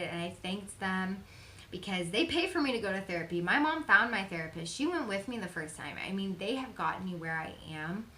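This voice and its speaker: A woman's voice: mid-range voice, bright, forceful tone, slight background noise. A young woman vlogger talking openly and earnestly about her life, chatty with frequent fillers. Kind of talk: personal confessional vlog. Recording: echoey room.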